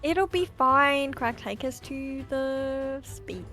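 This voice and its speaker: Give me a woman with a slightly high voice, bantering dryly at the game table. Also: slow, pushed and bright, soft background music. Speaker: player. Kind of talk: casual tabletop game play.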